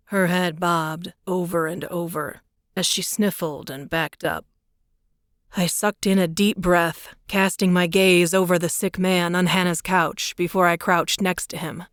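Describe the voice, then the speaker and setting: A woman narrating a first-person romance audiobook in a measured, intimate way on a close studio mic. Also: on the low side, fairly even intonation, fairly bright tone, no echo.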